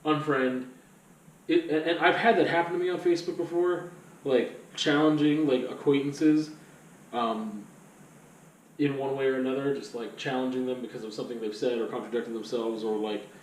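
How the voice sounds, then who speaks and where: A man's voice: medium pitch, steady tone, normal speed, echoey room, recorded from a distance, slight background noise, low-quality recording. A man vlogging in a rambling, casual monologue full of fillers and loose asides.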